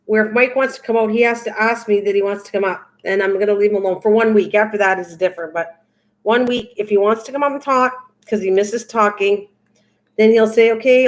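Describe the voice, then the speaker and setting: An older woman hosting a craft livestream, chatting casually with her viewers in a goofy, teasing, rambling way. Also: mid-range voice. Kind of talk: casual chat with live viewers.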